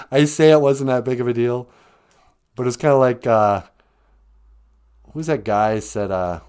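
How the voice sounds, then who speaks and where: A man's voice: medium pitch, moderate pace, pauses often, a little mellow, clean tone. Joking, rambling man on a live stream. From Ojibwe reservation, US. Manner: joking, rambling, laughs often. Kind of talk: comedic live-stream chat.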